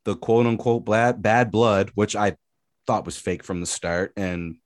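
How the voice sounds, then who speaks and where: A man's voice: on the low side, measured pace, no echo. A man co-hosting a casual sports talk show, ranting with energy and plenty of swearing. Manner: animated, profane ranting. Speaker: podcast co-host.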